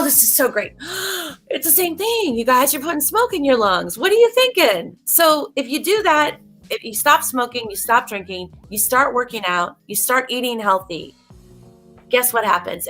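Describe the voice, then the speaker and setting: A woman's voice: medium pitch, sharp tone. A woman hosting a casual livestream, talking emphatically and a bit preachily, straight to her viewers. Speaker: livestream host.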